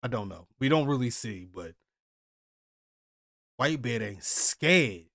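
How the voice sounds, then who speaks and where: This host of a comic reaction video has a gravelly, slightly bright, mid-range male voice, slow and expressive, captured cleanly in a studio with no room sound. Reading the chapter aloud, he reacts casually and often muses aloud, stopping and restarting hesitantly.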